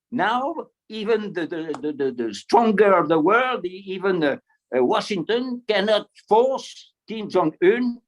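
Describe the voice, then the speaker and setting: A man with a French accent, a native French speaker, giving a halting talk on a panel over a video link, with many fillers and repeated words. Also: sits high, rough recording. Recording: unsteady remote signal.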